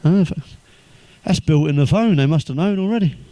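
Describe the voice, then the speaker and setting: A man's voice: on the high side, normal speed, dry recording. Swearing English man telling crude jokes. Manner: swears constantly, deadpan one-liners, chuckles at own jokes. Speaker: stand-up comedian. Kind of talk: crude stand-up joke telling.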